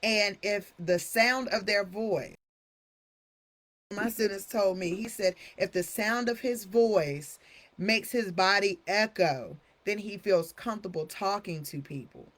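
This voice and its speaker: A woman's voice: mid-range voice, takes it slowly, fairly bright tone. A woman hosting a live stream talk, chatty and familiar, calling her viewers honey. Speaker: host.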